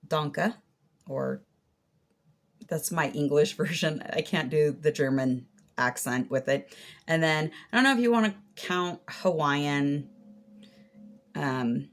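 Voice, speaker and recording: A middle-aged woman talks through a casual crochet-channel Q&A in an unhurried, chatty way. Her voice sits low and carries a steady vocal fry. She muses and thinks aloud as she goes. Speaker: crochet vlogger. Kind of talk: casual Q&A vlog.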